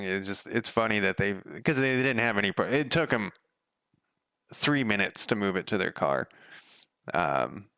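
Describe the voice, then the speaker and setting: Gravelly man thinking aloud while coding. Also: on the low side, sharp tone, no echo. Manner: rambling, thinks aloud, self-interrupting. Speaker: game developer streaming his coding. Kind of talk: casual live coding chat.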